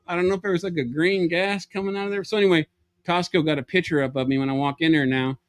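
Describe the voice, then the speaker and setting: Animated man telling a comic story. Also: a little high, fast, no echo. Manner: animated, laughs through his story. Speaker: guest. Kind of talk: comedic storytelling.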